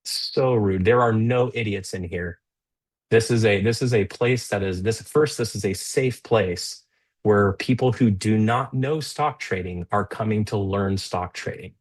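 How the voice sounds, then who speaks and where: Low husky guy running a live trading stream, chatty, lots of um and right. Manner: conversational, with many fillers and restarts; stern and scolding toward a rude chatter. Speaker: live trading show host. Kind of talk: live-stream market commentary.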